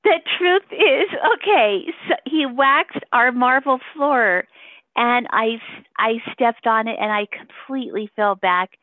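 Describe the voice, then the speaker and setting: A woman's voice: on the high side, fairly even intonation, measured pace, dry recording. A woman giving a casual phone interview, rambling and emotional, laughing often between her points. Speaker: interview guest. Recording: tinny phone line.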